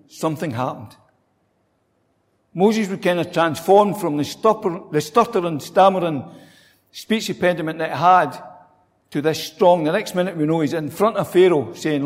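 A man with a fairly high-pitched voice preaches a sermon at a normal speed, keeping it conversational and posing rhetorical questions. The recording carries a long hall reverb.

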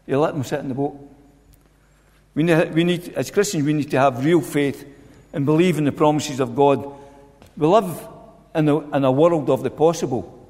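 A man's voice: fairly high pitch, moderate pace, pauses often, a little mellow. A man preaching a sermon, earnest and repeating his key lines for emphasis. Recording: long hall reverb.

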